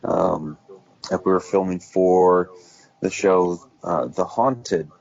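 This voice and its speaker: A man's voice: low-pitched, fairly even intonation, slow pace, gravelly, a little mellow, lo-fi sound. A man answering interview questions, hesitant with lots of fillers. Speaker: guest author and investigator.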